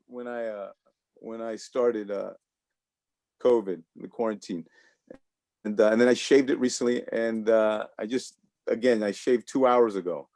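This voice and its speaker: A man's voice: on the low side, steady tone, unhurried, pauses often, a little mellow. A man from Los Angeles doing a loose, rambling stand-up set over a video call, often laughing at his own jokes. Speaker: stand-up comedian. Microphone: home computer mic on a video call.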